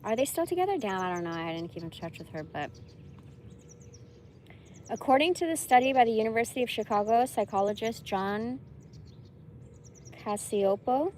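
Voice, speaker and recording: A woman's voice: a little high, animated, normal speed, long pauses, darkish tone, a little hiss or hum. A woman vlogger chatting casually to her viewers, swearing freely and breaking into laughter. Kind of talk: casual chat to camera.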